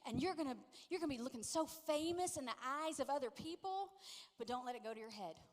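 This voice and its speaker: Brief: woman pastor, middle-aged, high and animated, storytelling sermon, long hall reverb. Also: quick pace. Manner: lively storytelling, playfully acting out quotes. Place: church sanctuary. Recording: long echo of a large church hall.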